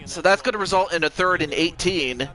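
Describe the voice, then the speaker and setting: A man doing casual play-by-play commentary on a video game football match, excitable and rambling, with quick exclamations. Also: high voice, rough recording. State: has the hiccups.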